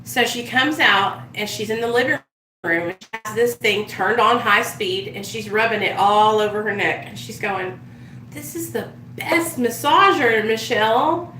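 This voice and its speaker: A woman's voice: mid-range voice, normal speed, bright, forceful tone, echoey room, distant mic, a little hiss or hum, poor audio. A woman chatting casually on a live stream, telling stories and swearing freely as she does her makeup. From United States. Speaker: vlogger.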